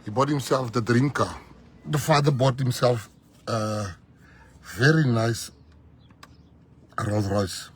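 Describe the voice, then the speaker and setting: A South African man, a political leader, giving a fiery rally speech, breaking into loud shouts at the peaks. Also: mid-range voice, takes it slowly, pauses often, slight background noise. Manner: fiery, switching between English and Afrikaans, shouting at peaks.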